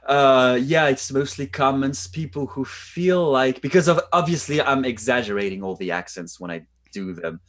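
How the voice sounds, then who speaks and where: A man's voice: medium pitch, animated, moderate pace, hardly any pauses. A man with a French accent, a guest actor in an interview, thinking aloud and searching for words over a video call. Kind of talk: casual interview talk.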